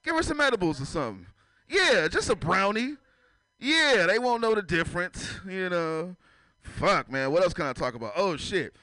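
A man's voice: high-pitched, very animated, moderate pace, bright, forceful tone, no room sound, poor audio. A man from San Francisco doing a stand-up comedy set, talking loosely and profanely and teasing the crowd. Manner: loose, profane, chatty, teases the audience. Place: comedy club.

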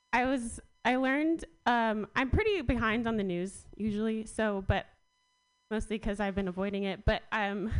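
A woman's voice: fairly high pitch, smooth. A woman starting a stand-up comedy set, hesitant and full of fillers.

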